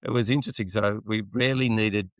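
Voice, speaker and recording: Middle-aged male podcast host, relaxed storyteller, lowish voice, dry close mic. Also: quick pace, no echo. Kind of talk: conversational interview, anecdotes.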